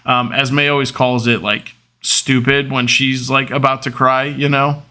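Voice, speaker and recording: A man's voice: medium pitch, little pitch movement, a little slow, sharp tone. A man in his thirties hosting a podcast, telling personal stories in a rambling, openly emotional way, with lots of fillers and restarts. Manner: open and emotional. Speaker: podcast host. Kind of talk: casual personal monologue.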